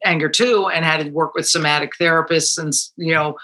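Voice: mid-range voice, fairly even intonation, a little fast, sharp tone. A retired stand-up comedian in a casual conversation, agreeable and reflective, thinking aloud.

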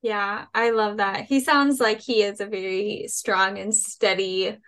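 A woman hosting an interview podcast, speaking in a warmly affirming and reflective way. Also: medium pitch, steady tone, unhurried. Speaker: podcast host. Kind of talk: conversational interview.

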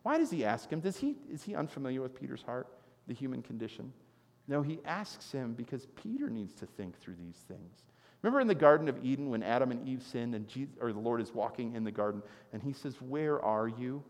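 Male pastor, mid-pitched, preaching with big swings between loud and hushed, long hall reverb. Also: big pitch swings, a little fast. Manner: swings from loud emphatic preaching to quiet earnest talk. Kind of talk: sermon.

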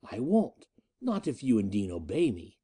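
A man voicing a cunning, ruthless male space-pirate leader who speaks in a measured, coldly matter-of-fact way. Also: mid-range voice, wildly swooping pitch, warm tone, slightly rough. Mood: cold, menacing.

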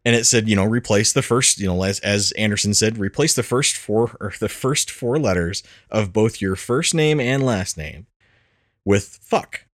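A podcast host with a fairly low voice tells a story in casual conversation, laughing often and cursing freely. He talks at a normal speed, and the recording is clean studio sound with no echo.

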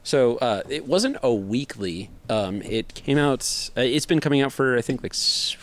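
A man's voice: medium pitch, expressive, normal speed, a bit bright. A young man on a casual podcast, talking comics in a rambling, jokey way with lots of fillers and restarts. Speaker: podcast co-host reviewing comics.

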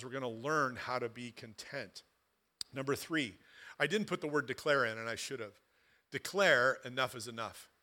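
A man preaching a sermon as pastor, moving from loud, emphatic passages to quiet, conversational asides. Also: medium pitch.

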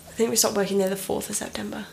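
A woman's voice: medium pitch, little pitch movement, very fast, creaky. Giggly young woman. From Australia. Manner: giggly, chatty, lots of "like". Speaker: guest. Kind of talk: casual interview chat.

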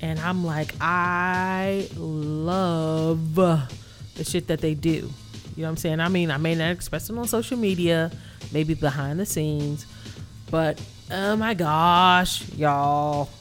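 A woman co-hosting a podcast in casual chat, animated and full of fillers, swearing freely. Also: low voice, moderate pace, faint music behind. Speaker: podcast co-host.

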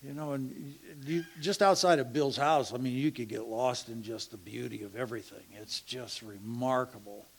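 A middle-aged man telling a church testimony in a slow, halting way, with laughs and hushed asides. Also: mid-range voice. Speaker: church member sharing a testimony.

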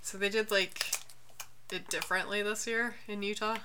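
A woman co-hosting a podcast in casual chat, relaxed and hesitant with many fillers. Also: mid-range voice, moderate pace, noisy background. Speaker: podcast co-host.

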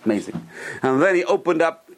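A man's voice: a little high, big pitch swings, a little fast. A man teaching a Torah class to a small group, enthusiastic and often exclaiming as he tells stories. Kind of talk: classroom Torah lecture with storytelling.

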